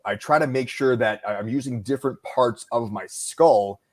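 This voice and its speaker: Male narrator guest, mid-pitched, casual, thinks aloud and restarts as he explains. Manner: halting, thoughtful explainer. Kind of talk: casual conversation.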